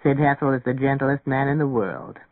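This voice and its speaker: A man voicing a gentle, kindly older record-shop owner in an audiobook reading, speaking softly and patiently, with a dry, phone-like narrow sound. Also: medium pitch, normal speed, dry recording, natural voice. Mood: calm. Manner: soft, calm, patient.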